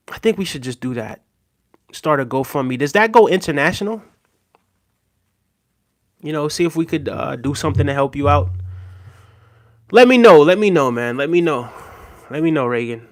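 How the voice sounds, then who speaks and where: A man's voice: on the high side, expressive, normal speed, pauses often. A man hosting a livestream in a casual, unscripted way, talking to viewers with many fillers, repeated phrases and frequent checks of "right?". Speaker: livestream host reading viewer comments.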